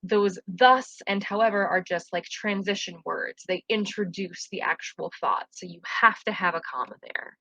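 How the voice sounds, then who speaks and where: A young woman talks through a recorded grammar lesson like a teacher addressing her class, friendly and explanatory. Her voice is bright and forward. The sound is close and dry, with almost no room around it. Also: lowish voice, normal speed, vocal fry, few pauses, no echo, lo-fi sound. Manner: friendly, explanatory, casual fillers.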